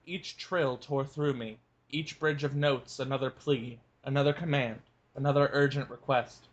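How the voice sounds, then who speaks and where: A man's voice: mid-range voice, steady tone, normal speed, dull audio. Joking male fanfic review co-host. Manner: joking, laughs often. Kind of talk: casual chat and fanfic reading.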